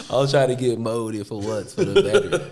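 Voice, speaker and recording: A man co-hosting a podcast in casual chat, slangy and repeating "for real" and "bro", breaking into hard laughs. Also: a little high. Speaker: podcast co-host.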